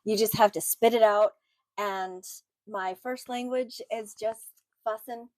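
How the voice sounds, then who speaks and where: A woman's voice: fairly high pitch, fairly even intonation, unhurried, a little mellow, no room sound. A middle-aged woman co-hosting a podcast, talking bluntly with hesitant fillers. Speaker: podcast co-host. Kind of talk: casual chat.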